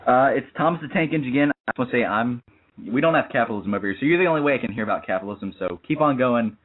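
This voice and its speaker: A man calling a radio show while playing a cheerful male toy tank engine, talking quickly and spelling words out. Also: mid-range voice, expressive, natural voice. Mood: chummy. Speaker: prank caller. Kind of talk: call-in prank. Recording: tinny phone line.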